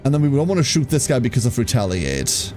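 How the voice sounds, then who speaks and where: Male streamer, live game commentary, frank and sweary, lively up-and-down delivery. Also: medium pitch, fast, faint music behind. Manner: thinks aloud, swears, casual and frank.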